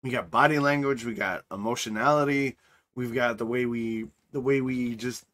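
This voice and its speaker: Animated, rambling middle-aged man. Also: medium pitch, normal speed. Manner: animated, rambling, acts out voices in his stories. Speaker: podcast co-host and streamer. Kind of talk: casual chat.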